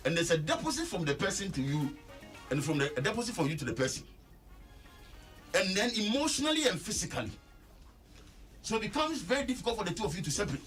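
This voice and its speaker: Ghanaian counselor guy on the radio, high voice that jumps all over, faint music behind. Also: big pitch swings, fairly bright tone. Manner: emphatic, slow and repetitive for stress. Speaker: relationship counselor. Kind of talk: radio advice talk.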